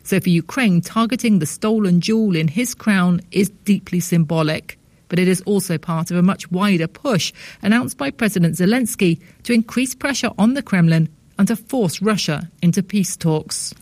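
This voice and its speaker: A woman correspondent delivering a scripted news report in a clear, composed way. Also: lowish voice, moderate pace, darkish tone, dry recording.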